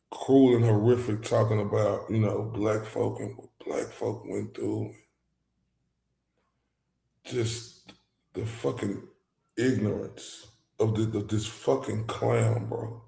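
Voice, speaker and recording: Male YouTuber from Dallas, emphatic reaction commentary with a rough gravelly edge, recorded in an echoey room. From Dallas, Texas. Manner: emphatic, swings between loud outbursts and low muttering.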